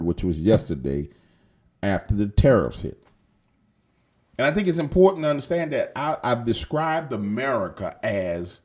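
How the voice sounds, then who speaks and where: Give me a husky-voiced man hosting rambling, profane news commentary. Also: fairly low pitch, darkish tone. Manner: profane, emphatic, slangy; rambling with repeated phrases. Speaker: show host.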